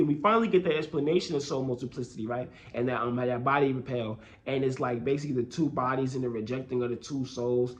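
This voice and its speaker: A young man giving casual, excitable video commentary on a manga chapter, full of slang and asides, often trailing off into a low murmur. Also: slight background noise.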